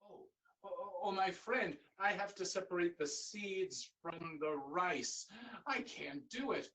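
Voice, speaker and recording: A man's voice: high voice, slow, a bit bright, distant mic. A storyteller voicing a timid, poor young man who stammers. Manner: hesitant, stammering.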